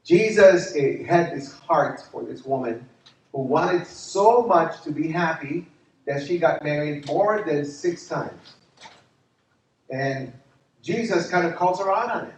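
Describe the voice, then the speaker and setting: A man preaching a lively retreat sermon as a pastor, joking and asking the crowd questions. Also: on the high side, slow, a little hiss or hum. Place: church retreat hall. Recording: echoey hall from far off.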